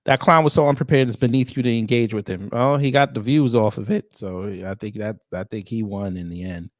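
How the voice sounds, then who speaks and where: A man's voice: mid-range voice, a little fast, no echo. Man drawling wry reaction commentary. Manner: wry, drawling asides between read-out comments. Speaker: reaction video host.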